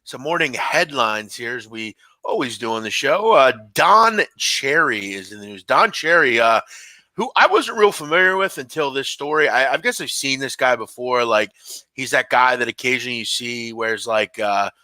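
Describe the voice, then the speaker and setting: A man's voice: medium pitch, animated, moderate pace, pushed and bright, no room sound. A man hosting a casual sports betting show, talking loosely with lots of fillers.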